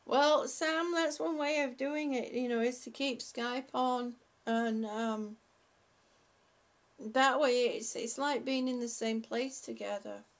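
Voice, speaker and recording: A woman's voice: on the high side, fairly even intonation, takes it slowly. A woman hosting a casual live stream, chatting and laughing often as she greets viewers by name. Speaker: livestream host.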